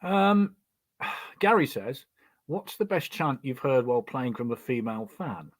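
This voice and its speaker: A man's voice: mid-range voice, big pitch swings, a little slow. A man hosting a casual chat, prompting his guest and reading out listener questions. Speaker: host.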